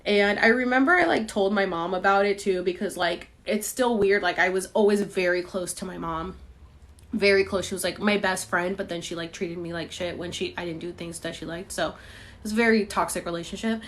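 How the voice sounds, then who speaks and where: A woman's voice: on the low side, brisk, fairly bright tone. A young woman hosting a podcast, telling a personal story in a chatty way with lots of fillers. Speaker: podcast host. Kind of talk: casual storytelling.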